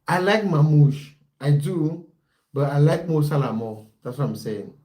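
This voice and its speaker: A young man hosts a relaxed football livestream, talking to his viewers in a warm, mellow voice. He chats loosely, breaks off often and restarts his sentences, and reads out their comments as they arrive. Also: a little high, measured pace. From based in the United Kingdom. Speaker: football coach and livestream host. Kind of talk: casual livestream chat with viewers.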